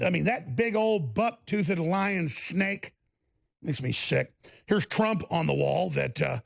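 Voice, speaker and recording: Texan male host, sarcastic rant, raspy and gravelly. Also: high-pitched. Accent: Texas. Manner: sarcastic, scornful. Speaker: political commentary host. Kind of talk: ranting commentary.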